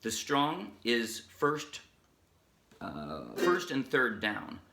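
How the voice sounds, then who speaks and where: A man teaching a ukulele song in a relaxed, chatty way, breaking off now and then to sing a line. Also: mid-range voice, measured pace, vocal fry, over loud music. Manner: chatty, self-interrupting, sings snatches while strumming. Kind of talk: casual music tutorial. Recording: ukulele strumming under the voice. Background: ukulele playing.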